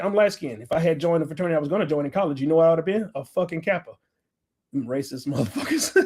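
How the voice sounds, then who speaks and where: Fast-talking, blunt, profane man. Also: fairly high pitch, darkish tone. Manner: blunt, combative, rambling, swears constantly. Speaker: speaker addressing a live audience. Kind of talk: profane, loose talk to a room.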